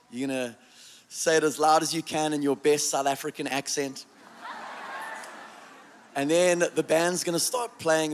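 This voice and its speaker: Man, high voice, fervent, leading church prayer, call-and-response, faint background hiss. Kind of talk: live church service address. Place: church service before a congregation.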